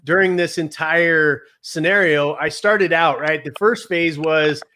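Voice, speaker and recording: A man speaking as a guest on a live video call, telling his story in a blunt, emphatic and rapid way. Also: a little high, bright, forceful tone, slight background noise. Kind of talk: casual livestream talk.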